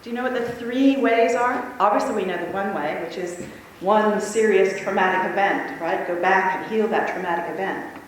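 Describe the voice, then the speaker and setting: A woman speaker tells a lively, laughing story to a conference audience. Her voice rings through a big echoey hall, picked up from a distance. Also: mid-range voice, moderate pace, few pauses, a little hiss or hum. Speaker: convention speaker. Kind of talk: talk to a live audience.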